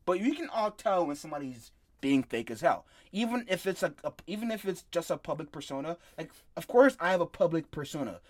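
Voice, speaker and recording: A man's voice: fairly high pitch, animated, a little fast, hardly any pauses. Young man hosting a rambling podcast. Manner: rambling, joking, laughs a lot. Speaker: podcast host and content creator. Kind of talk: casual podcast chat.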